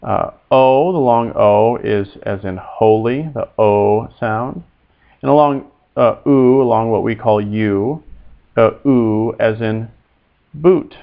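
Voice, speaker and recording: Slow, gravelly male Latin teacher. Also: fairly low pitch, phone-quality sound. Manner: slow, halting delivery with frequent "uh" fillers, repeating words for students to echo. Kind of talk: recorded Latin pronunciation lesson.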